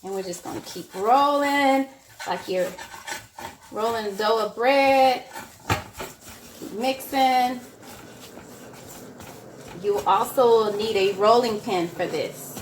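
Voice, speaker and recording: A woman with a Southern accent talks through a home cooking lesson, unhurried and chatty, repeating herself to encourage the viewer. Her voice rings in an echoey kitchen, with a faint hiss of noise underneath. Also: a little high. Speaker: cooking instructor. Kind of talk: casual cooking demonstration.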